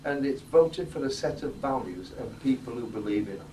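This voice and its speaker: A man addresses residents in a community venue. His speech is informal, teasing and blunt, and he keeps pulling the crowd into it. The sound comes from a distant microphone in an echoey room with a steady wash of background noise. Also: mid-range voice, a little fast. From Yorkshire, England. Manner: jokey, rousing, blunt, works the crowd with questions. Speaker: politician addressing local residents. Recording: roomy, distant, noisy ambience.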